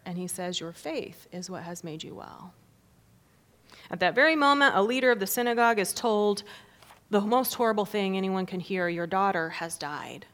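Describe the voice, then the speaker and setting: A woman preacher giving a sermon, reading scripture expressively, with rising swells and hushed drops. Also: medium pitch.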